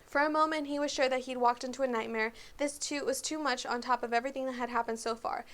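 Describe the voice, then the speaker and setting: Woman, book club reader, reading a novel aloud, fairly high voice, steady, small slips. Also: fast.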